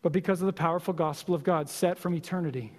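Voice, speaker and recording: A man preaching a sermon as pastor, with impassioned, repetitive exhortation and slow emphatic stresses. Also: on the high side, darkish tone, long reverb tail.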